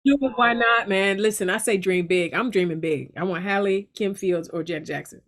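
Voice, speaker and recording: Middle-aged woman, actress guest, casual interview chat, lively, laughs often. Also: medium pitch, a little fast. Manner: lively and laughing, with frequent restarts.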